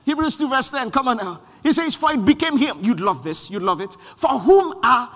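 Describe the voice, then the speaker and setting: High-pitched animated preacher. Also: male voice, moderate pace. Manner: animated, shouting refrains, acts out quoted voices. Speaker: pastor. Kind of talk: sermon. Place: large church hall. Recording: long hall reverb.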